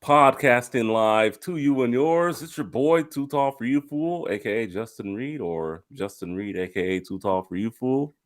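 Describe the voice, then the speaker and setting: A man's voice: medium pitch, normal speed, few pauses, a little mellow. A young man hosting a casual gaming podcast, opening with playful, upbeat introductions of his co-hosts. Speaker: podcast host.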